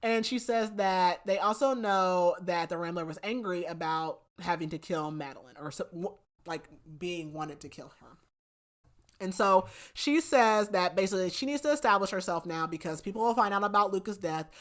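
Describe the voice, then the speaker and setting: A young adult woman hosting a podcast, casually retelling a book's plot in an animated way, often saying "like". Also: lowish voice, normal speed. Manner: animated storytelling, frequent "like", laughs. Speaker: podcast host. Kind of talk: casual book recap.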